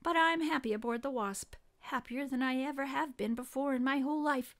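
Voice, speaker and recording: A woman's voice: high-pitched, fairly quick, pitched above the performer's own voice. Storybook figure: woman voicing a cheerful, well-mannered mouse sailor, slightly raised voice. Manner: courteous, cheerful. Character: brave, polite little mouse sailor.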